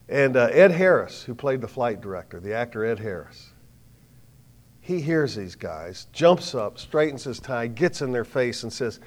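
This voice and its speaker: An older man giving a sermon as storytelling, swinging from hushed lines to loud bursts with dramatic pauses. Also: medium pitch, sing-song. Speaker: speaker.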